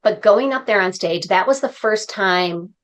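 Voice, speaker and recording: A woman's voice: medium pitch, measured pace. A woman speaking as a podcast guest, talking in an earnest, heartfelt and encouraging way. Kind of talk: conversational interview.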